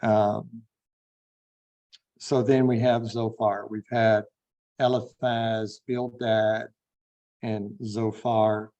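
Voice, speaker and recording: A man teaching a Bible class, unhurried and thinking aloud with frequent fillers. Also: on the low side, little pitch movement, mellow, lo-fi sound. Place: online classroom.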